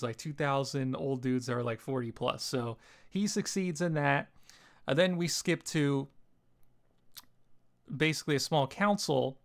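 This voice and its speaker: Rambling casual male reviewer. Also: a little high. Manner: rambling, heavy with fillers like "you know" and "like". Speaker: TV episode reviewer.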